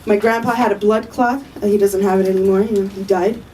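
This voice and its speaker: A woman's voice: medium pitch, fairly even intonation, quick pace, far from the mic, very noisy. A woman doing a stand-up comedy set at a live show, brash and profane, often laughing at her own jokes. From Armenian family.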